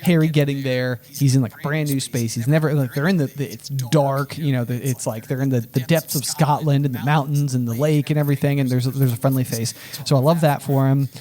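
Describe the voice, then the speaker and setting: A man's voice: medium pitch, fairly even intonation, brisk, few pauses, mellow. A man co-hosting a book podcast, chatting casually with many fillers and playful quoted voices. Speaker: podcast co-host. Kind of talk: casual book-discussion chat.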